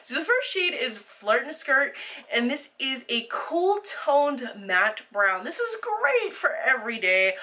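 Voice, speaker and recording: A woman talks through a makeup haul in a casual, chatty way, describing each product in detail with a few ums along the way. Her voice is bright and sits a bit high. She sounds set back from the mic. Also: very animated, slow pace, far from the mic, low-quality recording. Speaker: beauty vlogger.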